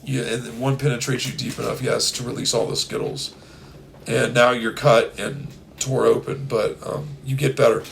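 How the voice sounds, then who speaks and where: A hoarse young man co-hosting a podcast in casual, playful, rambling chat. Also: mid-range voice, flat delivery, normal speed, fairly bright tone, slight background noise. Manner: playful, rambling, breaks into silly bits. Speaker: podcast co-host.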